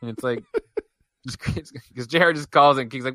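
A man with a bright, forceful voice chats easily about a wrestling show, throwing in "dude" and voicing his own reactions. It is recorded close and dry. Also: medium pitch, moderate pace, no echo. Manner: laid-back, says "dude", acts out reactions. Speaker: podcast co-host. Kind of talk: casual chat recapping wrestling.

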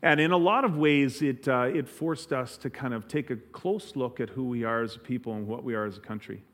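Earnest halting pastor. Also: male voice, medium pitch, a bit bright. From Canada. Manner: earnest, halting, many restarts. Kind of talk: sermon.

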